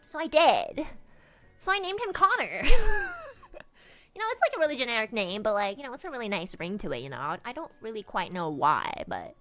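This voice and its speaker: Bubbly high-voiced young woman streamer. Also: big pitch swings, brisk, a bit bright, soft background music. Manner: bubbly, exaggerated, lots of "oh my God". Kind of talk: casual storytelling.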